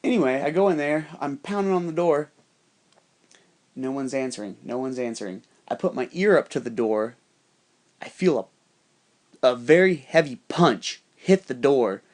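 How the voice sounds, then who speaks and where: A man with a slightly higher-than-usual voice rambles through a story, swearing constantly. He talks in a loose, conspiratorial way. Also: lively intonation, moderate pace. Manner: rambling, heavily profane, conspiratorial. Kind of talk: casual storytelling monologue.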